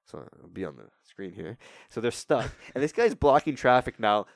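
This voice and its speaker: A man's voice: medium pitch, normal speed, creaky, dry recording, clean studio sound. A young man telling a funny story in casual chat, acting out voices as he goes. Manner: animated, acts out voices when retelling.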